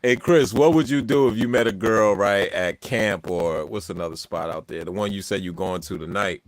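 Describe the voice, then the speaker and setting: A man chatting casually with friends on a podcast, an animated, joking storyteller. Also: lowish voice, moderate pace, no room sound, low-quality recording. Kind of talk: casual group chat.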